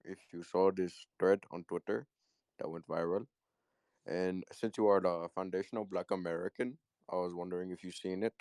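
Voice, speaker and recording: A man's voice: sits low, fairly even intonation, normal speed, darkish tone, no echo. A man calling in to troll, using a put-on Indian accent in a stilted, baiting delivery. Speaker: caller. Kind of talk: call-in prank.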